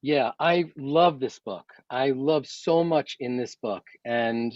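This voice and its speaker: A man's voice: medium pitch, slow pace, a little mellow, no echo. Man guest, enthusiastic, effusive, dry and slightly muffled call audio. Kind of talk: casual chat on a video call. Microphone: video call.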